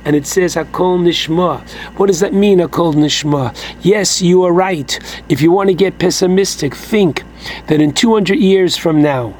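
Slow, high-voiced man teaching Torah. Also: a little mellow, slight background noise, rough recording. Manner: slow and emphatic, with exclamations like "oh my goodness". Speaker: rabbi teaching a Torah class. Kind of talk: Torah lesson, translating Aramaic phrase by phrase.

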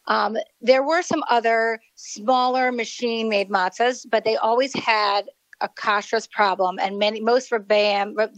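Higher-voiced woman telling a story. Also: no room sound, dull audio. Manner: explanatory, eager storytelling. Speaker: guest on the line. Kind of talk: casual interview.

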